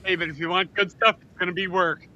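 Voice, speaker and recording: A man's voice: high voice, fairly even intonation, fast, bright, forceful tone. A man from the Upper Peninsula of Michigan chatting in a laid-back, joking way on a live podcast. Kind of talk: casual live-stream chat. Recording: dull lo-fi mic, faint noise.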